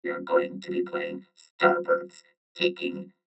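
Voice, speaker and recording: A woman speaking through a robot voice filter as a droning robot, announcing in a deadpan way. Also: rumbling low, takes it slowly, gravelly, soft background music, pitched below the performer's own voice, exaggerated voice. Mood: playful. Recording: dull lo-fi mixer effect.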